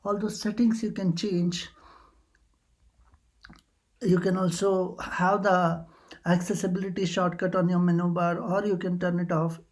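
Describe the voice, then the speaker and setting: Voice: mid-range voice, flat delivery, measured pace, long pauses. A tutorial host casually walking through computer settings, hesitant and full of uh fillers and restarts. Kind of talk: casual screen-recording walkthrough.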